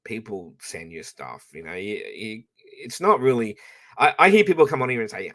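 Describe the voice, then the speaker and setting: An Australian man airs his grievances to his stream viewers in a loose, rambling way. He swears freely, restarts his sentences and speaks at an ordinary, mid-range pitch. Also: expressive, normal speed, a bit bright. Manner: blunt and profane, rambling with restarts. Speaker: streamer talking to his audience. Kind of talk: casual live-stream rant.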